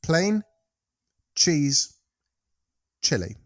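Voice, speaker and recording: A man's voice: fairly high pitch, very animated, very slow, a bit bright, no echo, clean studio sound. A British man co-hosting a podcast in casual, rambling chat that often trails off mid-sentence. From United Kingdom. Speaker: podcast co-host.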